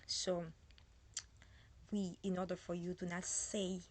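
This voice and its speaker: A woman with a strong French accent giving a casual French lesson, slowly repeating and spelling out words. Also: on the low side, steady tone. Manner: slow, repeats and spells out words, code-switching. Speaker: French teacher.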